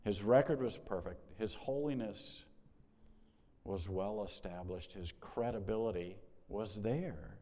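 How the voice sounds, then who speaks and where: A man's voice: lowish voice, measured pace, warm tone. A middle-aged male pastor preaching a sermon in a conversational way that rises to emphatic peaks, in a church sanctuary. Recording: long hall reverb.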